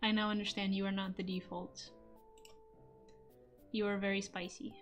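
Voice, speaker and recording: A woman's voice: mid-range voice, level tone, normal speed, faint music behind. A young woman from Europe with a European accent, chatting casually with her stream audience, laughing often and swearing now and then. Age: young adult. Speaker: streamer and voice actor. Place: home room. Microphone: microphone on a desk stand.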